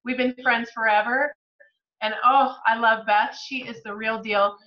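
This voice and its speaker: A woman speaking as a guest on a team video call, emotional and quick to laugh. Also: on the high side, fairly even intonation, muffled recording. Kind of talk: casual chat on a video call.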